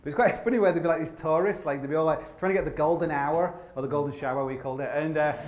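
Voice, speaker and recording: A man tells rambling, self-mocking stories from a theatre stage, his voice sitting a little high for a man. His talk is thick with "like" and restarts. The stage mic picks him up in a roomy hall with plenty of echo. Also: quick pace, darkish tone. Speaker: climber giving a live stage talk. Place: opera house stage. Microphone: stage microphone.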